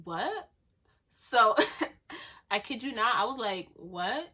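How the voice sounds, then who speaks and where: Young woman, bright tone, animated, filler-heavy casual storytelling. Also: fairly high pitch, takes it slowly, breathy edge. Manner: chatty and animated, leaning on filler "like". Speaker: storytime vlogger.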